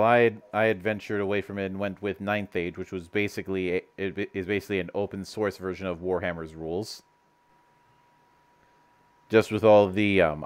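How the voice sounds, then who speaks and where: A man's voice: on the low side, smooth. A man hosting a casual podcast chat, rambling and often restarting his sentences with stammered repeats. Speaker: host.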